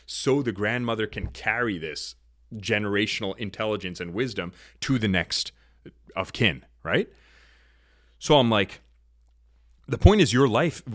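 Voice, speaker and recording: A man hosting a talk show, giving an opinionated monologue in an assertive, lecturing way that swings in pitch and loudness. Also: no echo, studio quality. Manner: assertive, lecturing, shifts pitch and volume often. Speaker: podcast host.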